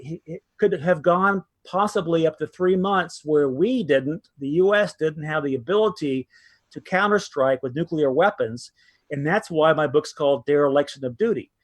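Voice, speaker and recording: A man's voice: a little high, dry recording. A man telling a story as an interview guest, emphatic, with frequent restarts. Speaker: guest, former military aide.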